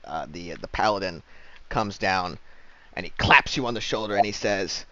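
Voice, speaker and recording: Lively, rambling male game master. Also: deep voice, moderate pace, lo-fi sound. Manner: loose, rambling explanations. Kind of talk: narrating a tabletop game.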